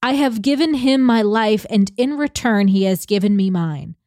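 A woman co-hosting a podcast, reading a letter and a call transcript aloud in a measured, steady way. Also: medium pitch, no room sound, studio quality.

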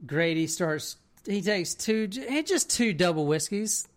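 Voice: medium pitch, unhurried, few pauses. Rambling, profane casual storyteller. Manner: rambling, profane, keeps checking in with "right?". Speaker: podcast co-host telling a story.

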